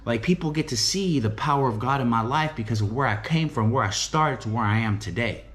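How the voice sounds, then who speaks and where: A man's voice: medium pitch, lively intonation, brisk, a bit bright. A middle-aged man giving an earnest, emphatic motivational talk about faith and recovery, often repeating phrases and asking "right?". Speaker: recovery home director and preacher.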